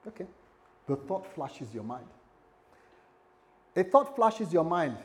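A man's voice: fairly high pitch, sing-song, slow pace, pauses often. A man preaching a sermon, telling a scripture story with asides and jokes to the congregation. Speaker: pastor.

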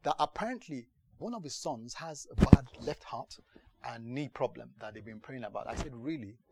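A man's voice: mid-range voice, lively intonation, moderate pace, gravelly, heavy background noise. A man preaching as pastor, telling stories from his own life in a sermon and often asking whether listeners follow him. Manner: storytelling, repeats "do you understand". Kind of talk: sermon testimony.

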